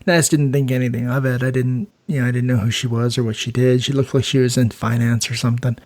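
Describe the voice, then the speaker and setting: Brief: male host, easygoing storyteller, mid pitch, chatty and amused. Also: flat delivery, fast talker, darkish tone. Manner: laid-back, laughs often, acts out quoted voices. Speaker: podcast host, ER nurse. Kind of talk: casual storytelling chat.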